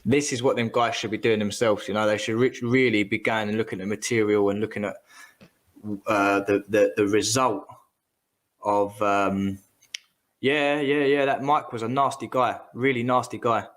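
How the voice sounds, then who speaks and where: Guy ranting about someone, slangy and animated, keeps repeating himself. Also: fairly low pitch, normal speed. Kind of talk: ranting casual chat.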